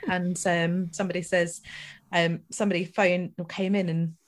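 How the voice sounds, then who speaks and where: A woman's voice: fairly low pitch, little pitch movement, normal speed, slight background noise. A woman hosting a podcast, telling a rambling anecdote in casual chat with fillers and asides. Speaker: podcast host.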